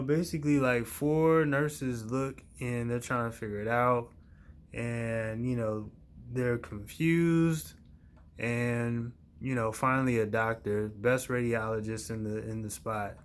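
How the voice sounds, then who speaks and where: Young guy, mid-pitched, easygoing rambling vlog storyteller, faint room noise. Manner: relaxed, rambling, many fillers and slang. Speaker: vlogger. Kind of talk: casual storytelling to camera.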